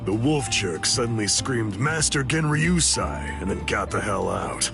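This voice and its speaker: A man's voice: on the low side, lively intonation, measured pace, vocal fry, music in the background. An actor playing a laid-back, wry male captain in a video game, with a dry, drawling delivery.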